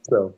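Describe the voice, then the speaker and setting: A man chiming in on a casual group conversation with a brief, offhand anecdote. His voice is of ordinary pitch for a man, and his delivery is loose and conversational. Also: darkish tone, highs cut off.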